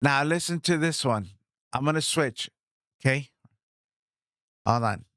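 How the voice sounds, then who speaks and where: A man chatting in a casual vlog about his new microphone setup, excited, repeating himself and talking straight to viewers on a studio mic. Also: mid-range voice, measured pace, no room sound. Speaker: streamer reviewing his gear. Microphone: studio microphone, swapped between two.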